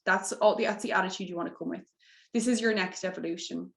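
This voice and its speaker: A young adult woman coaching a live online masterclass, pitching her program warmly and getting emotional as she talks. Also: steady tone, fast, creaky. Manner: heartfelt, gets emotional, breaks into tears and laughter. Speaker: mindset coach hosting a masterclass. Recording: echoey room.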